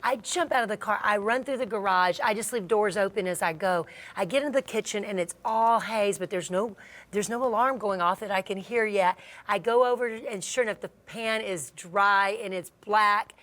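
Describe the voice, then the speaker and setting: A middle-aged woman hosting a Christian marriage talk, telling a story in a lively way, acting out the voices she quotes and laughing often. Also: mid-range voice, moderate pace. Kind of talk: animated storytelling chat.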